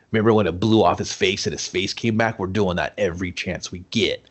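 Low-voiced man, profane and jokey. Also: expressive, brisk, few pauses. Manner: profane, jokey, mocking quoted asides. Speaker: podcast co-host. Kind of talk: casual movie-review banter.

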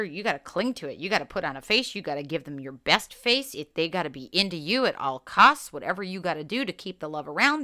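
A woman's voice: fairly low pitch, bright, forceful tone. A woman hosting a solo podcast as a coach, talking candidly and animatedly, swearing casually.

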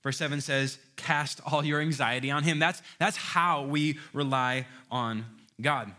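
A man preaching a sermon, emphatic and building to loud rhetorical questions, often repeating words as he starts a phrase. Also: fairly high pitch, unhurried.

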